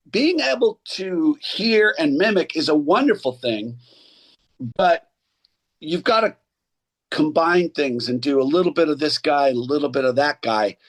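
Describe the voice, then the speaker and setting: A middle-aged actor and acting coach chatting casually as a podcast guest, rambling and restarting as he tells stories. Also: a little high. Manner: rambling, restarts often, animated storyteller.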